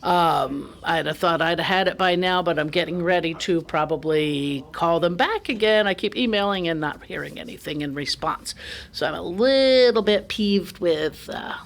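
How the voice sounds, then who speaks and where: A woman hosts a gardening call-in show on the radio, chatting casually into a studio microphone. She rambles along, restarting sentences and filling pauses as she goes. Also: fairly low pitch, animated.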